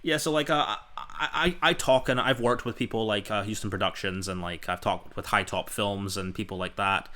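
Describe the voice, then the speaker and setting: A young man with a lowish voice and a bright, forceful tone hosts a casual chat. He rambles enthusiastically, stacking up fillers as he tells his stories. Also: normal speed, few pauses. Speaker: podcast host.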